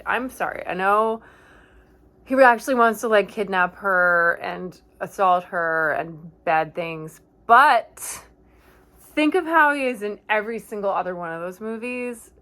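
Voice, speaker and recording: A woman's voice: mid-range voice, expressive, a little slow, bright, forceful tone. A woman casually recapping a horror movie from memory, rambling and correcting herself with chatty asides.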